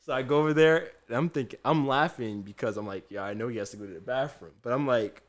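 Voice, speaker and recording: A man's voice: medium pitch, quick pace. A young adult man, a chef and podcast co-host, telling a story in casual chat, acting out the people he quotes and often breaking into laughter. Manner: animated storyteller, acts out quotes, laughs a lot.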